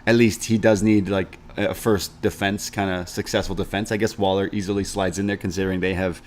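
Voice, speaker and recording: A man's voice: sits low, level tone, fairly quick, a little hiss or hum. A man co-hosting a casual podcast who laughs easily and throws in jokey asides. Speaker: co-host.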